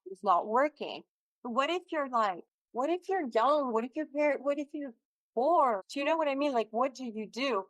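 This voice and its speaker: A woman's voice: high voice, expressive, moderate pace, dry recording, rough recording. Woman guest, dry and close. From France. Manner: earnest, questioning, with restarts. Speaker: podcast guest. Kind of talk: casual podcast conversation.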